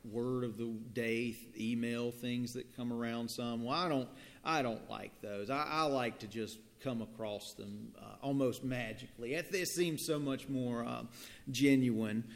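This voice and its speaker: A male pastor reading scripture and telling a story in a sermon, in a gentle, deliberate manner, in a church. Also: mid-range voice, steady tone, gravelly. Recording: long church reverb.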